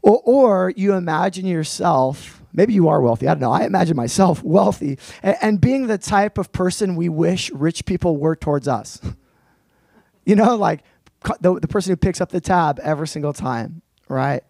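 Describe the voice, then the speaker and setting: A male preacher teaching through a Bible passage in a relaxed, conversational sermon, explaining with slangy asides. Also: high-pitched, normal speed, gravelly, no echo.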